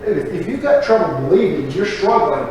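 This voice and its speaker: A man preaching a sermon in a church, acting out prayers in a lively, conversational way. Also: high voice, brisk, a little hiss or hum. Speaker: pastor. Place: church chapel. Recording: echoey church recording from far off.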